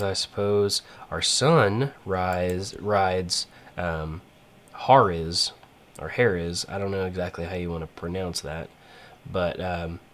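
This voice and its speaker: Man, deep voice, casual rambling gameplay commentary, many fillers. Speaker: gaming channel host.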